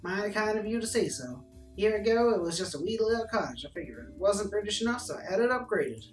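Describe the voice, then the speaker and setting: Swaggering cowboy governor, folksy and boastful, roomy and distant, music behind. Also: male voice, high-pitched, expressive, fast talker. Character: brash cowboy-style American governor, self-important. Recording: roomy, distant sound under background music.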